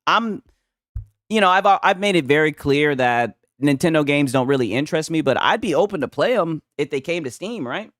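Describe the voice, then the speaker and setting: Man, livestream host, casual chat, laid-back, frequent swearing, lively pitch, slightly higher voice. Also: moderate pace, no room sound, clean studio sound. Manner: laid-back, swears a lot, laughs often. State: tipsy from a couple of beers. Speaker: streamer reading chat.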